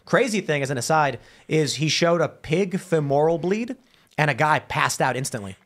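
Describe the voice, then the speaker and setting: A man's voice: on the high side, moderate pace. A man hosting a talk show, telling stories with lots of restarts and stumbles. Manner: animated storytelling with many restarts. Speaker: podcast host. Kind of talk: casual studio talk show.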